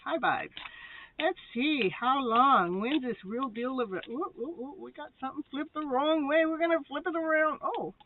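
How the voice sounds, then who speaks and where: A woman's voice: high-pitched, moderate pace. A woman host giving a live tarot reading, chatty and playful, often giggling and breaking into sing-song exclamations. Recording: tinny phone-like sound with faint noise.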